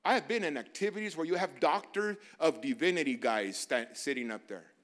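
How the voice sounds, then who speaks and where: A man preaching a sermon as a pastor, moving from quiet asides to loud, urgent exhortations. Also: a little high, fairly quick. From barrio in the United States.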